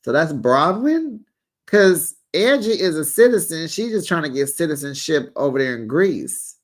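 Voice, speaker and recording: A reality TV recap host giving casual, animated commentary in a colloquial style, talking straight to viewers and mimicking cast members. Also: medium pitch, moderate pace.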